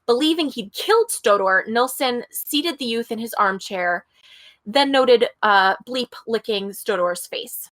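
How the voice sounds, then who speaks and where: A woman's voice: on the high side, lively intonation, measured pace, a bit bright. Woman casually reading a true-crime case. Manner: reads case notes aloud, stumbling on place names, with blunt asides. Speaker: podcast co-host.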